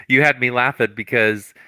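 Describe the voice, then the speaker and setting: Male host, bright dry voice, acts out quotes in his stories. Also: mid-range voice, clear, resonant tone, dry recording. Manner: animated storyteller, acts out quotes, laughs often. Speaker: podcast host, music teacher. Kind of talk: casual conversation.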